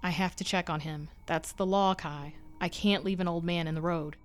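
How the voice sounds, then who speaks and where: Woman reading as a shaken young aunt, firm and low, talking a child through panic in an audio story. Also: moderate pace, soft background music, natural voice. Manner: firm, urging calm. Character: young woman aunt, scared but steadying.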